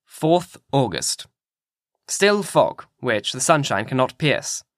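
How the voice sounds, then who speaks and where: A man reading an audiobook in a measured, grave manner. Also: mid-range voice, very animated, a bit bright, dry recording, studio quality. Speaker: audiobook narrator.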